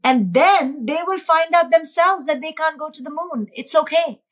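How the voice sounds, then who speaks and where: Middle-aged woman, parenting expert, earnest and emphatic, fairly high voice. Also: moderate pace. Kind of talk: podcast interview.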